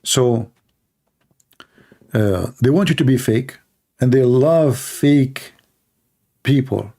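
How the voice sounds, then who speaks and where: A middle-aged man hosts a live-streamed religious debate, speaking slowly in a medium-pitched, dark-toned voice. His English is blunt, mocking, and grammatically broken, and he stacks up one rhetorical question after another.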